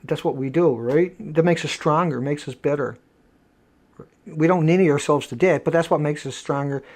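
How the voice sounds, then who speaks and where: A man with a slightly high voice hosts a live streamed show from home. He rambles emphatically, preaching and repeating himself, and he restarts his sentences often. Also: moderate pace. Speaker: host of a nightly online show. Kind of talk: rambling live broadcast monologue.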